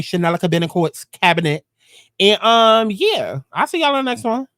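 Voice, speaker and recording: Man, high voice, blunt heated gossip commentary, dry close sound. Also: a bit bright, no echo. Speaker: host.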